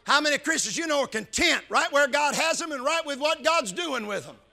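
A man preaching a sermon, swinging between loud shouted emphasis and hushed, low passages. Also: animated, fairly quick, gravelly.

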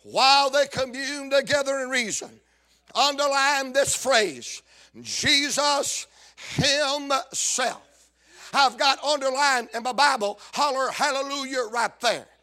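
A man preaching a sermon, shouting and chanting his lines in a sing-song cadence. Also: very high-pitched, slow.

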